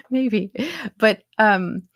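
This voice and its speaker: A woman's voice: medium pitch, extremely slow, a bit bright, no echo, clean studio sound. An American woman in her forties from New York, a chatty accent coach on a video call who keeps dropping into voices to show them. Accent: American, light Texas coloring over New York. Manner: chatty, full of "like", slips into voices to demonstrate. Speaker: interview guest, accent coach. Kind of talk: casual interview.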